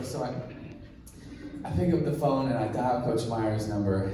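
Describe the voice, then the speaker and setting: A man in his thirties tells a story from a stage, acting out each side of the dialogue. His voice sits at an ordinary pitch and rings through a large, echoey hall. He is picked up from some distance, with noticeable room noise behind him. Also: moderate pace. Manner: animated storyteller who acts out dialogue. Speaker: keynote speaker. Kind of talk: motivational storytelling speech.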